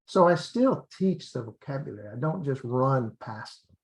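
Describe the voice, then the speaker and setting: Guy teacher walking through his lesson drills, repeats stuff a lot, mid pitch. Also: animated, moderate pace. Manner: repetitive, drilling phrases with many restarts. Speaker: English teacher. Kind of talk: teacher training demonstration.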